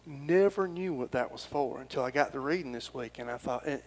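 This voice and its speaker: A man's voice: medium pitch, a little fast, darkish tone, rough recording. A middle-aged man, preaching a folksy, rambling and earnest sermon as pastor.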